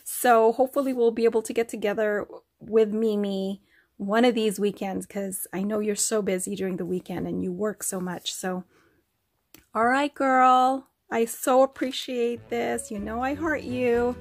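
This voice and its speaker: A woman's voice: mid-range voice, steady tone, moderate pace, darkish tone. A woman vlogger gushing over craft gifts in a casual show-and-tell, talking to her viewers at home. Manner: gushing, effusive, addresses viewers as you guys.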